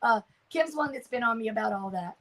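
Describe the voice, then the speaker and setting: An older woman chats casually on her craft livestream in a fairly high voice. She reads viewer comments aloud and often trails off while searching for words. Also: expressive, quick pace, fairly bright tone, low-quality recording.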